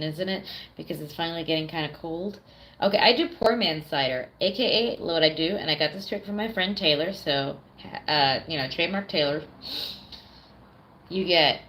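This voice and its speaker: A woman's voice: on the low side, a bit bright, a little hiss or hum. A young woman livestreaming casually, answering chat, chatty, swearing freely and laughing often. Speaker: streamer. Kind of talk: casual live-stream chat.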